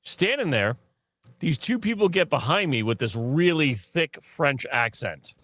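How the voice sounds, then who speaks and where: A man co-hosting a casual podcast, telling stories in an animated way, laughing often and mimicking other people. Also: fairly high pitch, measured pace, dry recording. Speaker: podcast co-host. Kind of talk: casual chat.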